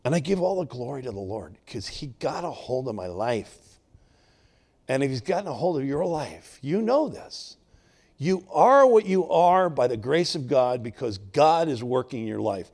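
A pastor in his sixties preaches a sermon and shares personal stories, alternating between loud, emphatic bursts and quiet asides. His mid-range voice is very animated, at a normal speed.

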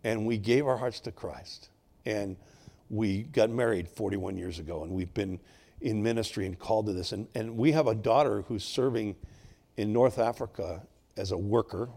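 Animated older male pastor preaching. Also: on the low side, normal speed, creaky. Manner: animated, swinging between loud emphatic bursts and quiet asides. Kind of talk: sermon with personal storytelling.

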